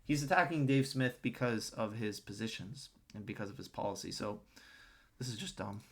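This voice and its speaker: A man's voice: fairly low pitch, moderate pace, vocal fry, husky. A man ranting scornfully and profanely while reacting to video clips. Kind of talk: crude reaction commentary.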